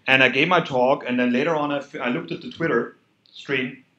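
A man's voice: medium pitch, steady tone, brisk, pushed and bright, lo-fi sound. A man with a German accent delivers an earnest, conversational talk to an audience, pressing on points with sudden emphasis. His voice sits in a middle register. The room is echoey, like a hall at an event. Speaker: conference speaker. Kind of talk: conference talk.

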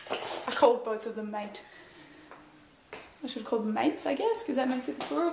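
A woman's voice: fairly high pitch, normal speed, creaky, long pauses, noisy background. Chatty woman, breathless. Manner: rambling, chatty, self-deprecating. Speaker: vlogger. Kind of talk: casual vlog chat. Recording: music playing behind.

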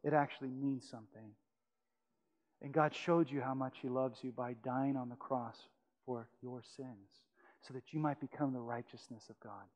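A man preaching a sermon as pastor, swinging from loud urgent pleading to hushed, intimate tones. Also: mid-range voice, fairly even intonation, normal speed, in a large hall, highs cut off. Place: church sanctuary.

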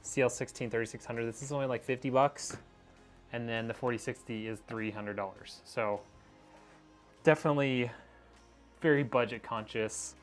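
A man's medium-pitched voice, fairly even in intonation, comes at a normal speed with frequent pauses as faint music plays. He rambles chattily to his viewers, addressing them as "y'all," while building a PC on a casual live stream, a little out of breath and using a wireless clip-on mic.

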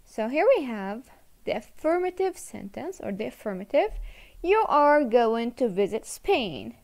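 A woman's voice: a little high, big pitch swings, unhurried, darkish tone. A woman teaching an English video lesson to children, encouraging, repeating words and switching into to explain.

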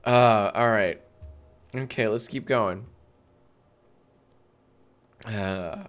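A man's voice: fairly low pitch, very slow, pauses often, clean tone. A man hosting a casual live stream, reading viewer comments aloud, swearing freely and often breaking into laughter. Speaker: livestream host.

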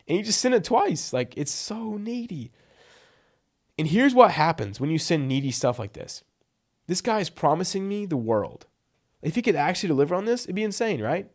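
A man giving blunt, emphatic copywriting advice in a casual vlog, tossing in "like" and "right?" as he goes. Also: a little high. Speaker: freelance copywriting coach.

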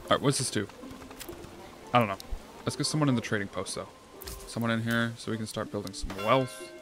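A man giving casual let's-play commentary, thinking aloud, swearing often and getting excited. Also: medium pitch, brisk. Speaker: gameplay streamer. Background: game music.

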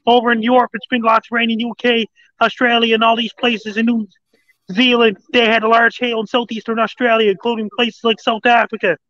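A man with a very high, bright voice runs through a weather report in a flat, unvaried tone. He stumbles and repeats himself as he lists place after place. The sound is dry and dull, like a lo-fi line. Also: no echo. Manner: halting, repetitive listing of places. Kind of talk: casual call-in weather report.

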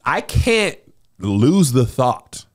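A man's voice: mid-range voice, drawn-out words. A middle-aged man co-hosting a casual comedic chat, telling family stories with playful exaggeration. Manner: animated storytelling, playful exaggeration. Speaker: podcast co-host.

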